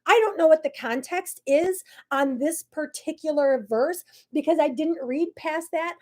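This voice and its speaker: Woman hosting a faith show to camera, preachy and blunt, pokes fun at herself, gets loud then goes quiet. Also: high voice, measured pace. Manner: fiery and preachy, swings between loud outbursts and hushed asides; candid and self-deprecating. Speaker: host of a faith talk show. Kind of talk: impassioned faith talk to camera.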